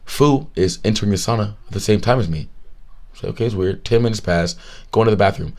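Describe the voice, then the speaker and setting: A man in his twenties, co-hosting a podcast, telling a story in a profane, animated way. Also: lowish voice, fairly quick. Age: 20s. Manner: animated, profane, retelling with quoted voices. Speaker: podcast co-host. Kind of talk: casual storytelling chat.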